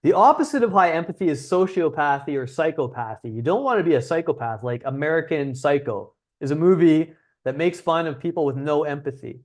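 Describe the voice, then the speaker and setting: A man's voice: fairly high pitch, lively intonation, brisk, hardly any pauses, darkish tone. A young man hosting a livestream, talking casually and bluntly as a dating coach, with frequent swearing. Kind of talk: livestream talk.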